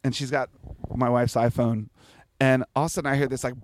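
A man's voice: mid-range voice, flat delivery, a little fast. A man in his forties, telling stories in a casual interview with a lot of swearing and laughter. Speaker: guest musician.

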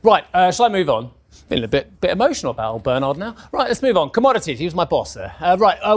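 A man's voice: sits high, very animated, fast. A middle-aged man presenting live markets news, chatty and theatrical, speaking straight to viewers.

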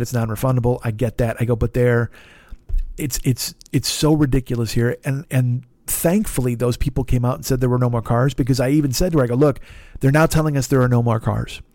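A man's voice: mid-range voice, dark tone, dry recording, studio quality. A man hosting a podcast, telling a frustrating story in a casual monologue, swearing often and acting out both sides of the conversation. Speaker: podcast host.

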